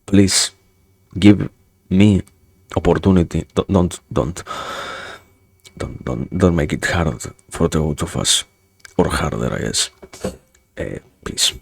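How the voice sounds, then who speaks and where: A man streaming casual chat, halting and repeating his words, with dry jokes. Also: a bass voice, lively intonation, creaky, fairly bright tone, husky, no room sound. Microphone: streaming mic.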